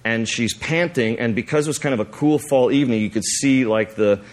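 Speaking fairly quickly, a male pastor brings a sermon story to life by acting out the scene with animation. He wanders through it with fillers and restarts, his voice climbing high in moments of excitement.

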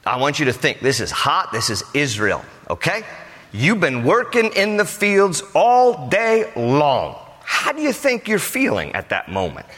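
A man's voice: on the high side, big pitch swings, measured pace, fairly bright tone. A man preaching a sermon, joking conversationally and telling the story with plenty of animation. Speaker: pastor. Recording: hall reverb.

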